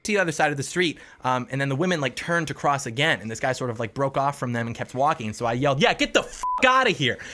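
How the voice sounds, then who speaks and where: A man from the American Midwest, a political commentator telling a story in a fast, animated monologue. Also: mid-range voice, slight background noise. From Midwest of the United States.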